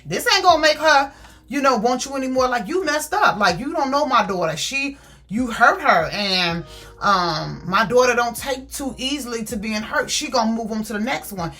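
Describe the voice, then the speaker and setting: A woman's voice: a little high, expressive, moderate pace, pushed and bright, soft background music, voice pushed up, heavily acted. A woman voicing a blunt, protective mother who speaks in a scolding, matter-of-fact way.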